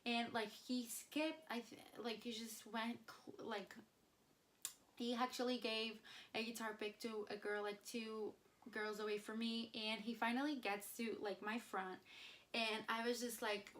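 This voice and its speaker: A young woman vlogger telling a story in an excited, emotional way, full of "like" fillers. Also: on the high side. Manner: gushing, emotional, fast filler-heavy "like". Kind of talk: excited casual vlog storytelling.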